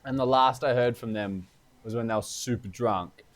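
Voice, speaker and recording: Relaxed man musing aloud. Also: mid-range voice, moderate pace. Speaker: podcast co-host. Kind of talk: casual chat.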